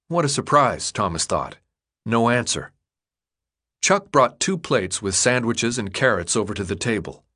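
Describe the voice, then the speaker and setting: In a lowish voice, a man reads scripted audiobook narration, his storytelling measured yet expressive.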